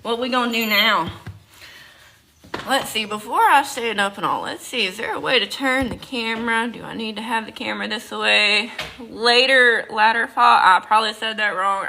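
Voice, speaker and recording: A middle-aged woman with a Southern US accent hosts a livestream, chatting in a folksy way and greeting viewers by name while she milks goats. Her voice sits on the high side, bright and pushed. The audio is noisy, with the hum of a running milking machine.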